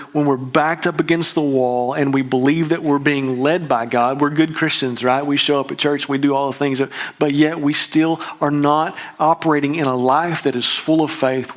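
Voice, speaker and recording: A man, preaching a conversational, emphatic sermon as a pastor with quick restarts. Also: a little high.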